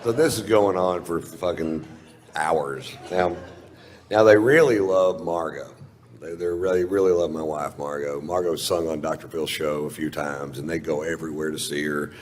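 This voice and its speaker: Low-voiced profane stand-up comedian man. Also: moderate pace, slight background noise. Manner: profane, rambling, self-mocking. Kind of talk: stand-up storytelling. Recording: live stage with long reverb.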